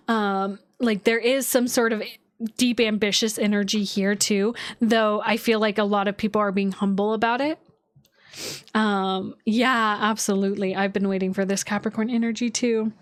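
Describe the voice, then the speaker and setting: A woman's voice: medium pitch, steady tone, moderate pace, no echo, studio quality. A woman astrologer chatting casually on a livestream from home, loose and filler-heavy, with casual swearing.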